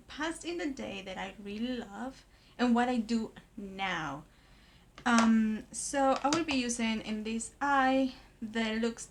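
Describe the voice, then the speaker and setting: A woman from Argentina, talking through a makeup tutorial in a hesitant way with many pauses and fillers. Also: on the high side. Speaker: makeup vlogger.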